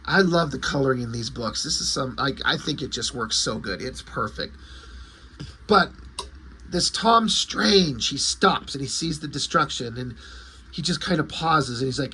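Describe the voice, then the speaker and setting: A man casually reviewing a comic, excited and rambling as he retells the story. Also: mid-range voice, normal speed, a little hiss or hum.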